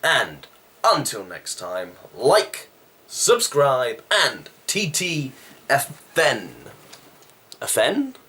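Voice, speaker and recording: A man casually reviewing a wrestling show, chatty and loose with sighs and quick asides. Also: mid-range voice, big pitch swings, bright, forceful tone.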